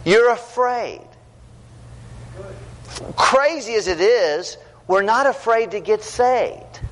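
A middle-aged man preaching to young people, his voice rising and falling with a lively, animated pitch. He tells stories earnestly and shifts between loud and hushed. The sound carries a long hall reverb with a faint hum behind it. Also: slow pace.

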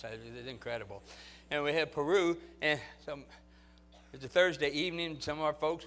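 A male pastor tells stories during a sermon, shifting from low, quiet storytelling to loud, fervent exhortation.

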